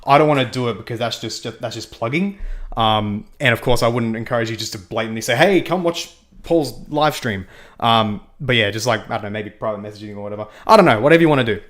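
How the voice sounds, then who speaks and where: A man's voice: fairly low pitch, fast talker, fairly bright tone. Rambling young man streaming. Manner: rambling, laughs often, repeats himself. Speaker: livestream host. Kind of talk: casual gaming livestream chat.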